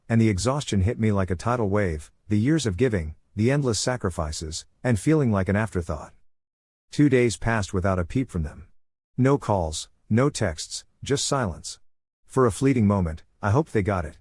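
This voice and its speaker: Guy narrating a reddit-style story, lowish voice, dead dry sound. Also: a little mellow, husky, dry recording. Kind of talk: first-person story narration.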